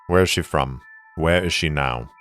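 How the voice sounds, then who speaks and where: A man's voice: extremely low pitch, normal speed, a bit bright, faint music behind. A man voicing a ruthless female agent who interrogates in short, clipped questions. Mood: cold. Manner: curt, interrogating.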